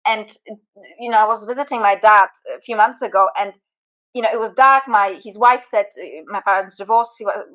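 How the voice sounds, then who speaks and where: A woman being interviewed as a guest, telling stories in an animated, chatty way. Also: medium pitch, brisk, low-quality recording. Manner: animated storyteller, lots of fillers and restarts. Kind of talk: casual interview chat.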